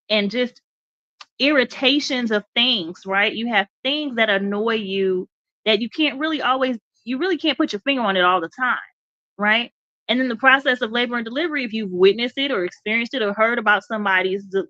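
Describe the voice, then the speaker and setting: A woman hosting a live faith talk in a bright, forceful voice that sits a little high. She talks to her listeners with questions and repeats her key lines like a preacher. The sound is dry and a bit dull. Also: no echo. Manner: reads points aloud and repeats key phrases. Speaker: host.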